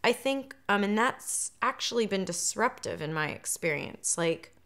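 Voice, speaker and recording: A woman speaking candidly in an interview, hesitant and self-reflective with frequent pauses. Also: medium pitch, animated, fairly bright tone.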